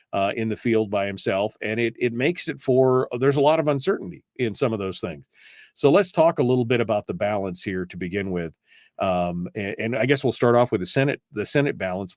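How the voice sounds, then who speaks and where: Joking talk radio host, dry studio sound. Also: male voice, on the low side, darkish tone, no echo. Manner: chatty and joking, with many fillers and restarts. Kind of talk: casual political talk radio.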